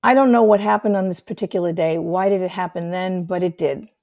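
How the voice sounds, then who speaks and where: An older woman hosting a talk show, telling her own childhood story in a candid, measured way and dropping to a soft hush on painful memories. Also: on the low side, fairly even intonation, lo-fi sound. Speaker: host sharing her story. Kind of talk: personal storytelling, reflective monologue.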